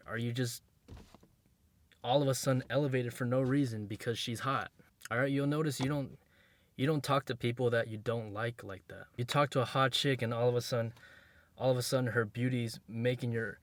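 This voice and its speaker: Blunt, slangy man giving advice. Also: mid-range voice. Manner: blunt, emphatic, drills points by repetition; slangy, streetwise phrasing. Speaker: dating advice creator. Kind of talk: casual advice monologue to camera.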